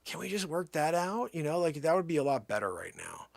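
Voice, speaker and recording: A middle-aged man making a comedic prank phone call, rambling and exasperated, swinging between low mutters and loud outbursts. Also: sing-song, a little fast, vocal fry, dry recording. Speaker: prank caller.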